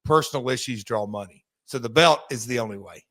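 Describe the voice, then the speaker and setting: A man's voice: medium pitch, a little fast, fairly bright tone, dry recording. A man co-hosting a podcast, telling a rambling story full of fillers and restarts. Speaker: podcast co-host. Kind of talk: casual chat.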